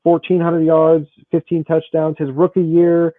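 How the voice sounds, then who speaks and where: A man co-hosting a casual sports podcast, talking fast, repeating himself and stacking stats. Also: a little high, completely flat delivery, no room sound. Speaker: podcast co-host. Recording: dry, tinny phone-like audio.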